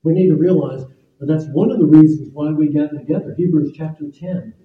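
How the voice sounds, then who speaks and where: An older man preaches to his congregation with a slightly raised pitch, wandering into stories with a few ums and restarts. He is heard from a distance in a roomy, echoing space. The sound is thin and narrow, like a phone line. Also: fairly quick. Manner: storytelling with fillers and restarts. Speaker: pastor. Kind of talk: sermon. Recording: echoey phone-like room sound from afar.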